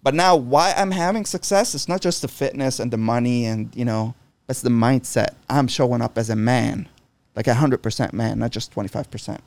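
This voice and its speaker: A man's voice: mid-range voice, a little fast, darkish tone, no echo. A middle-aged man in casual chat, talking bluntly with lots of swearing and restarts. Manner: blunt and profane, frequent restarts.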